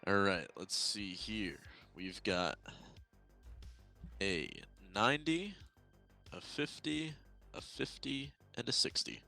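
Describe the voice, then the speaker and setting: Lively bright-voiced man playing a tabletop game. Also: fairly low pitch, takes it slowly, creaky, pauses often, faint music behind. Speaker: player.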